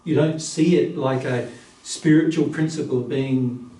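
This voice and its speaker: A man giving a casual spiritual teaching talk to a small group, lively and blunt, often laughing. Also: mid-range voice, unhurried. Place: living room. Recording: roomy, distant, faint room hum.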